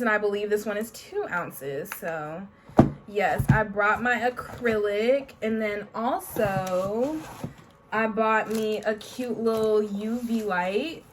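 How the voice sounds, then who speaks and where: In a home beauty vlog, a bubbly young adult woman chats casually, sprinkling in playful catchphrases such as "honey" and "period." She speaks in a mid-range voice, with slight background noise in the recording.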